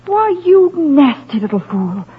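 Desperate young wife, high lively voice, sharp and emotional, tinny radio. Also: female voice, unhurried. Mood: angry. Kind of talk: 1940s radio acting. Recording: tinny old radio broadcast with faint hiss.

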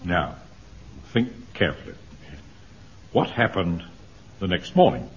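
Brief: bossy captain, hugely animated pitch, dull radio sound. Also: male voice, unhurried, slight background noise, heavily acted. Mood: pompous. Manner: pompous, commanding, lecturing. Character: pompous middle-aged male platoon captain. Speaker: officer.

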